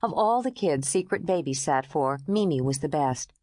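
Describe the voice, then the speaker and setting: Lady reading an audiobook, lowish voice that moves around a lot, dry studio sound. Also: lively intonation, moderate pace, mellow, dry recording. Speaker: audiobook narrator. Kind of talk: scripted audiobook narration.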